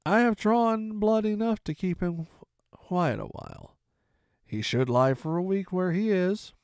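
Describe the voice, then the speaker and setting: A stern country doctor , as a man reads him aloud, speaks in firm, clipped warnings. The voice is gravelly and close, with no room sound. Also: sits high, animated, unhurried, no echo. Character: stern middle-aged male country doctor. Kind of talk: audiobook reading.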